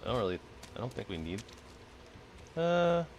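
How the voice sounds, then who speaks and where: A man's voice: mid-range voice, very animated, moderate pace, a little hiss or hum. A young man chatting casually and rambling while he plays a game, chuckling often. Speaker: gaming streamer. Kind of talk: casual gameplay chat.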